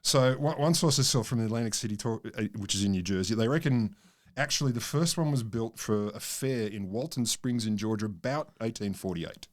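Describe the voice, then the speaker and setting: A man's voice: on the low side, a little fast. A man co-hosting a science podcast, telling a story in a rambling, amused way with many restarts. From Australia. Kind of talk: casual science chat.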